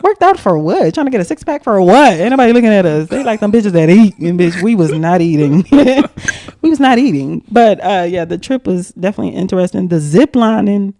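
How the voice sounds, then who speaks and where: A young adult woman appears as a guest on a podcast, telling a story in a casual, lively, profane style and laughing a lot. Her pitch sits in the middle and her pace is brisk.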